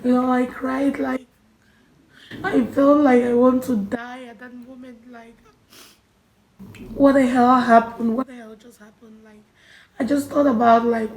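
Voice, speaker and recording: Emotional young woman in an echoey room. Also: a little high. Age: young adult. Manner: emotional, halting, many restarts and soft drops in volume. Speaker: vlogger. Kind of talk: personal storytelling vlog.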